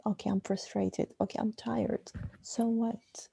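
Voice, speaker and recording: A woman, sharing on a video call in a halting way and leaning on "okay" between phrases. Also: mid-range voice, level tone, gravelly, mellow, breathy edge, rough recording. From Arab world. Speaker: retreat participant. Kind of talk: casual sharing in an online group.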